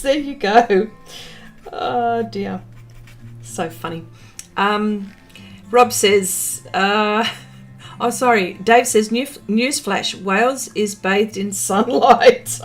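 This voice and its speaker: A woman's voice: medium pitch, takes it slowly, long pauses, soft background music. An Australian woman hosting a live art stream, chatting casually and reading out viewer comments, with many fillers and small laughs.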